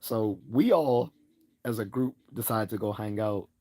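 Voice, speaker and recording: A man's voice: unhurried, warm tone. A man hosting a livestream, telling a rambling personal story in a casual way, laughing often and raising his voice to act out what people said. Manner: rambling, laughs often, acts out quoted lines in a higher voice. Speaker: livestream host.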